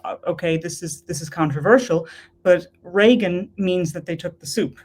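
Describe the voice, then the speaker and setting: Earnest Irish-born woman, low voice. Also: normal speed, darkish tone. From Ireland. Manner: earnest, emphatic repetitions. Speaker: guest. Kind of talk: telling a personal faith story.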